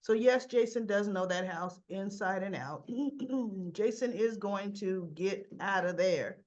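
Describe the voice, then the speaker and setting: A woman's voice: medium pitch, slow, darkish tone, muffled recording. Chatty woman recapping soap episodes. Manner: chatty, acts out characters' lines in quotes. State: coughing and clearing throat. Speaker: soap opera recap vlogger.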